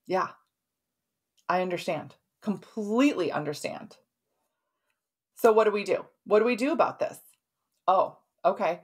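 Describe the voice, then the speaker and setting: A woman's voice: medium pitch, animated, a little slow, pauses often, husky. A middle-aged woman hosting a podcast, telling a client's story in a casual, conversational way and often ending sentences with "right?". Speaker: podcast host and health practitioner.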